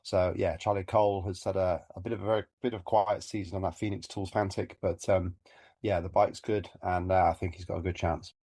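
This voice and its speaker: A man's voice: sits low, level tone, brisk, darkish tone, husky, no echo. A man from Gloucester with a West Country accent, co-hosting a motocross podcast in a rambling, chatty way with plenty of ums. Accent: West Country English. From Gloucester, England. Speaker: podcast co-host and commentator. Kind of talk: casual podcast chat.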